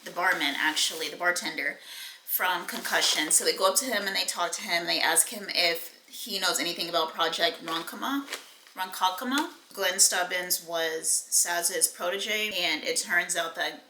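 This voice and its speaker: Chatty woman doing a tv recap, bright sharp voice, kinda echoey room. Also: on the low side, moderate pace, slight background noise. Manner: chatty, filler-heavy, blunt asides. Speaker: TV recap vlogger. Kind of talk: casual episode recap and review.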